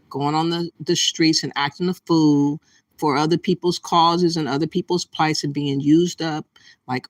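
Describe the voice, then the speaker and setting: Man, slightly high voice, earnest and emphatic, dry sound. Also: dry recording. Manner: earnest and emphatic, with some hesitations. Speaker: commentary co-host. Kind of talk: earnest casual commentary.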